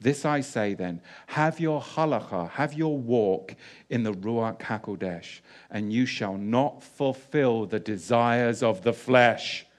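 A man preaching a sermon, mixing loud emphatic bursts with quieter scripture reading, full of rhetorical questions and repeated phrases. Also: mid-range voice, takes it slowly.

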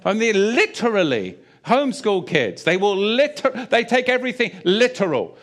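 A man preaching, telling a funny personal story with animated delivery and frequent laughter. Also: high-pitched, normal speed, hardly any pauses. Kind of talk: sermon with humorous personal anecdote.

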